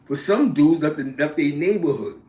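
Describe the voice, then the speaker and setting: This man's voice is a little high with a dark tone, expressive and moderately paced, in an echoey room. He's from East Harlem, has a New York accent, and spins rambling street stories in casual slang, often ending lines with "you know what I'm saying" and a laugh.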